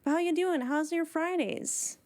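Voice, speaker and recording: A woman's voice: very high voice, unhurried, a little mellow. A woman live streaming from home on a desk microphone, chatting casually with her viewers and greeting them one by one.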